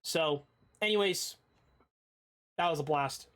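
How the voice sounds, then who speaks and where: A man's voice: on the high side, slow pace, a bit bright. A man hosting a live stream, chatting casually and rambling with fillers and swearing. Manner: laid-back, rambling, profane. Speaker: streamer host.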